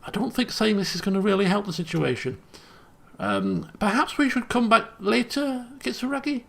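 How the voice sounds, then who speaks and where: A man's voice: high voice, normal speed, vocal fry. A man commentating and joking while playing a story game. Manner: jokey, animated, exasperated. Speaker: let's player.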